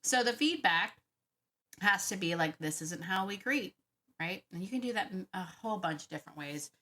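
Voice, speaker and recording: A woman hosting a dog-training Q&A, talking casually and thinking out loud with frequent laughs. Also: medium pitch, lively intonation, normal speed. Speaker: dog trainer podcast host. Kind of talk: casual Q&A monologue.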